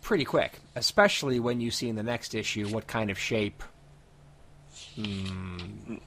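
A man co-hosting a podcast, reading a steady story recap and then chatting with a few fillers. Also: lowish voice, unhurried, slight background noise. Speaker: podcast co-host summarizing comics. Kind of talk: recap narration and casual chat.

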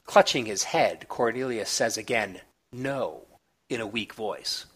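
A man reviewing comic books, recapping the plot in a relaxed, chatty way with small asides. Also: medium pitch.

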